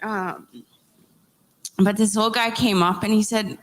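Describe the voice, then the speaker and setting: Brief: young woman host, earnest and emotional, halting heartfelt storytelling. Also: medium pitch, fairly even intonation. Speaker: podcast host interviewing survivors. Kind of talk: heartfelt personal storytelling and questions.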